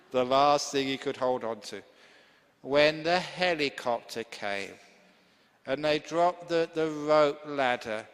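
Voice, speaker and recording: Monk telling funny stories in a dharma talk, slow and unhurried, big hall echo. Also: male voice, fairly high pitch, fairly bright tone. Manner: humorous, chatty, laughing easily. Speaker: Buddhist monk teacher. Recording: long hall reverb.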